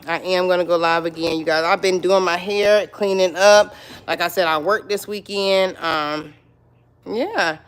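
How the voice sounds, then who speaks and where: A woman's voice: fairly low pitch, fairly even intonation, unhurried, clear, resonant tone. A middle-aged woman hosting her own livestream, chatting casually with viewers, greeting them by name and repeating her points. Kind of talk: casual live-stream chat.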